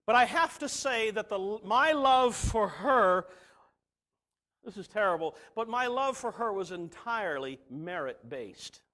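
A middle-aged man preaching a sermon, swinging from soft asides to emphatic declarations. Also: sits high, expressive, measured pace.

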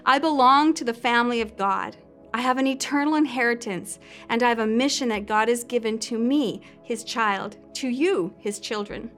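A woman with a fairly high voice reads her personal faith testimony. She speaks in a steady, sincere way. Faint music plays underneath. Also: moderate pace. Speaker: church member giving a testimony. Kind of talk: read testimony.

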